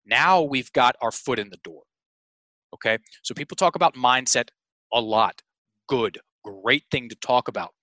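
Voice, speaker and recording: With a medium-pitched, sharp-toned voice at a moderate pace, a sales and mindset coach tells emphatic stories in a conversational interview, calling his audience "folks" and frequently restarting. The audio is poor, with no room sound.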